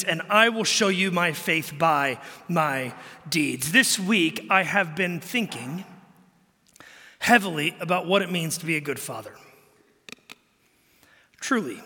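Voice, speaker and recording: A pastor with a husky, somewhat high voice preaches in a large hall. He tells stories animatedly and acts out the quoted dialogue.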